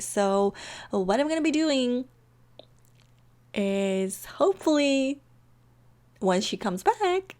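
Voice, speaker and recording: A woman telling a story as she plays a life-sim game, chatty and giggly, often breaking off mid-sentence. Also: fairly high pitch. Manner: chatty, giggly, self-interrupting. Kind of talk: casual gameplay storytelling.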